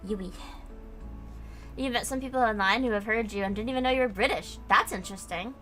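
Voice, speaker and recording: A woman's voice: on the high side, big pitch swings, normal speed, fairly bright tone. A young American woman chatting casually on a livestream while she builds a model kit, rambling and reading chat aloud with lots of fillers. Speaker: streamer. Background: faint background music.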